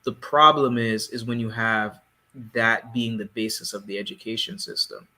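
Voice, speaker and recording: Bright-voiced man explaining at length. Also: fairly low pitch, fairly even intonation. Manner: explanatory, measured, lecturing. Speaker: podcast co-host. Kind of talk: casual panel discussion.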